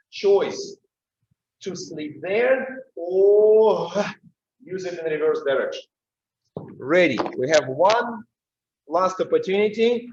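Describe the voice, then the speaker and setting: A high-pitched man with a Russian accent coaches a dance class, his voice going hoarse as he calls the steps with urgency. He speaks slowly and deliberately between the counts. The sound is dull and echoey, picked up from a distance in a big room. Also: slight background noise. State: losing his voice. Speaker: dance teacher.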